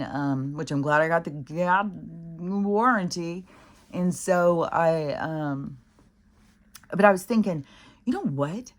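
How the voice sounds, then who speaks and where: A woman telling a rambling, exasperated story in a casual vlog, swearing freely and using many fillers. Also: low voice. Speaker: vlogger.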